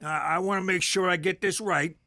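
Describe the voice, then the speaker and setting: A man's voice: sits high, fairly even intonation, a little fast, sharp tone, no echo, clean studio sound. An actor voicing a crude, brash male mobster uncle in an adult cartoon. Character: crude older mobster uncle, divorced six times.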